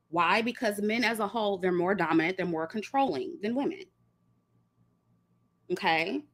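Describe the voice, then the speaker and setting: A woman's voice: medium pitch, a bit bright. A woman giving an emphatic opinion monologue and speaking straight to her viewers. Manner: blunt, emphatic, addresses viewers directly. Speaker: commentary vlogger.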